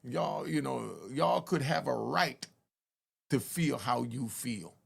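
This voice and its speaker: A man's voice: medium pitch, lively intonation, slow pace. A man, talking straight to camera in an earnest, pleading commentary. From Harlem, New York. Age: 60s. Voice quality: gravelly. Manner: earnest, pleading, street-style talk with rising emphatic peaks. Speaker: channel host telling prison stories.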